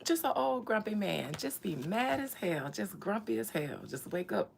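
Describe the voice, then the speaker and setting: A woman's voice: mid-range voice, sing-song, normal speed, creaky, breathy edge. A woman vlogger in casual chat, joking playfully and laughing often.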